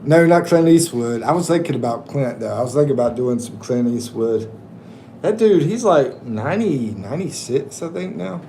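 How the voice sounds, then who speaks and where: A man's voice: medium pitch, lively intonation, normal speed, dark tone, a little hiss or hum. A man hosting a casual livestream, joking and chatting with viewers. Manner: jokey, laughing, chatting with viewers. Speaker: livestream host and expat coach.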